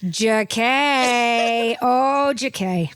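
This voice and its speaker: A woman's voice: on the high side, extremely slow, a bit bright, smooth, no echo, clean studio sound. A woman hosting a comedic podcast, rambling and gossipy, tacking "okay?" onto her points. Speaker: podcast host.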